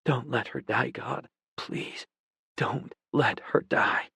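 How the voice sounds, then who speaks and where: A man voicing a desperate young man who swings between frantic shouts and broken, pleading whispers beside his injured love. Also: medium pitch, moderate pace, husky, dry recording, studio quality. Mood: whispered prayer.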